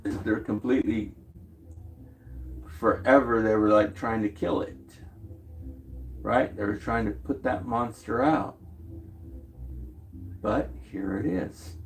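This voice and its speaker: A man's voice: lowish voice, takes it slowly, pauses often, slight background noise. A man chatting on a livestream, rambling and slangy, drifting between stories. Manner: slangy, meandering, loose profanity. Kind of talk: rambling casual livestream chat.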